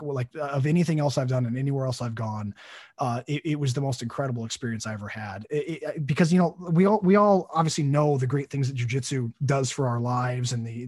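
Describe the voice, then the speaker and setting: A man's voice: medium pitch, a little mellow, husky, no room sound, studio quality. A man in his thirties, hosting a podcast and telling a story casually, with many fillers and restarts. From United States. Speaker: podcast host.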